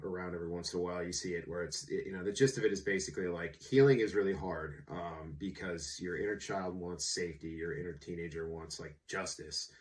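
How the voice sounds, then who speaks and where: A man's voice: low voice, far from the mic. A man in his thirties, a divorce coach, talking to camera in a candid, informal way with blunt slang. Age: 30s. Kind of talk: unscripted casual talk to camera.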